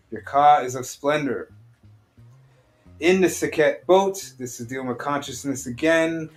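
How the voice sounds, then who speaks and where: A man teaching an online study group. He reads a text aloud line by line, explains each part in plain talk, and asks his listeners direct questions. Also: medium pitch.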